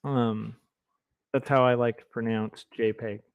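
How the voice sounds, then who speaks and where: A smooth, steady, mid-range male voice speaks unhurriedly, with no room sound but dull audio. He's a comic artist drawing on a livestream, chatting casually, reading chat aloud, rambling goofily, mocking himself, and trying silly voices.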